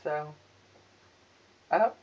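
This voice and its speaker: A young man telling a sarcastic, profane story in a casual vlog from his home kitchen, filmed on a phone. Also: very slow. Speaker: vlogger. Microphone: phone camera. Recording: dull phone recording.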